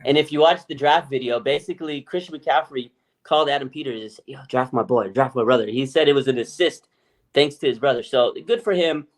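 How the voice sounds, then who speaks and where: A man co-hosting a podcast, chatting in a lively, casual way, swearing freely and acting out other people's voices. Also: on the high side, fairly quick. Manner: animated, swears freely, acts out quoted voices. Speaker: podcast co-host. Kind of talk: casual sports chat.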